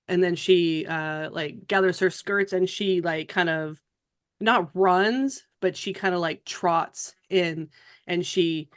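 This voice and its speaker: A woman's voice: on the low side, takes it slowly. Woman rambling through a scene description. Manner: casual, rambling with many likes. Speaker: player. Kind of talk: tabletop role-play narration.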